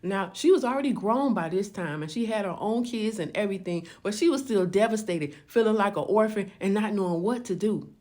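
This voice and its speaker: A woman's voice: medium pitch, fairly quick, few pauses, darkish tone. A woman telling a story in a chatty, casual way, acting out each character's lines herself.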